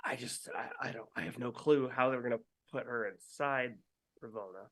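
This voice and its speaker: A man's voice: medium pitch, normal speed, fairly bright tone. A man co-hosting a podcast in casual chat, hesitant and unsure, often trailing off. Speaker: podcast co-host.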